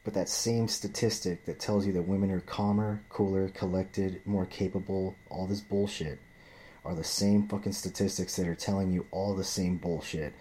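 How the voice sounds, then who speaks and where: A man's voice: sits low, fairly even intonation, normal speed, mellow, slight background noise. A man ranting in a profane, rambling monologue, often restarting and repeating himself.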